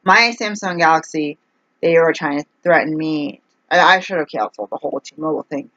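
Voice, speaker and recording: A woman's voice: low voice, expressive, brisk, a bit bright, dry recording. Exasperated rambling woman, dull dry recording. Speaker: vlogger. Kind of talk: casual vlog rant.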